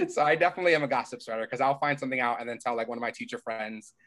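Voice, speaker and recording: A young man in his twenties, a teacher, chatting casually and acting out quotes with lots of laughter. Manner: animated, laughs often, acts out quotes in a high voice. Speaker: middle school teacher. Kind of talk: casual chat.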